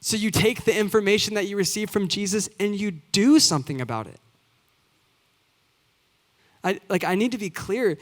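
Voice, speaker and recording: A man's voice: high voice, expressive, moderate pace, pauses often. A man in his twenties, a youth pastor preaching a sermon in earnest, building to emphatic repeated phrases. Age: 20s. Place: church sanctuary. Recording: long hall reverb.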